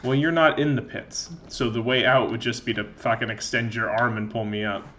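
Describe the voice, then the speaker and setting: A man's voice: mid-range voice, fairly even intonation, moderate pace, fairly bright tone, lo-fi sound, a little hiss or hum. A young man giving rambling, sarcastic, profane commentary while playing a video game. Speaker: let's play gamer. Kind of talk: casual gameplay commentary.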